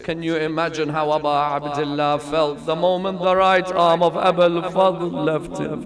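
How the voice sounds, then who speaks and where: A man's voice: on the high side, level tone, normal speed, hardly any pauses, a crowd in the background. A man delivering a Muharram majlis sermon as a lecturer, impassioned and building to cries.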